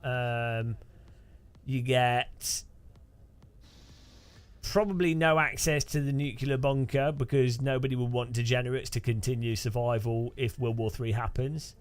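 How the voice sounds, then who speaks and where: A man's voice: medium pitch, fairly even intonation, unhurried, clean tone. A man casually chatting on a live stream, rambling with dry joking asides.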